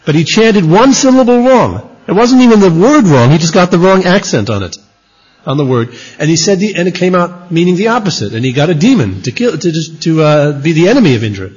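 A man's voice: a little high, sing-song, brisk, darkish tone, husky. A man teaching a scripture lecture as a religious teacher, emphatic and repeating his key points. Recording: dull lo-fi recording.

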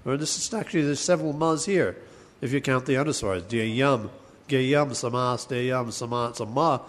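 A man teaching a class on verse, thinking aloud with many restarts and chanting lines slowly. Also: mid-range voice. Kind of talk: class lecture on Sanskrit poetics.

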